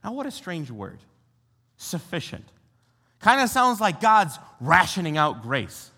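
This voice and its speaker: A young American man, a youth pastor, preaching a sermon in an animated, conversational way and asking his listeners rhetorical questions. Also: on the high side, unhurried, breathy edge. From United States. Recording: long hall reverb.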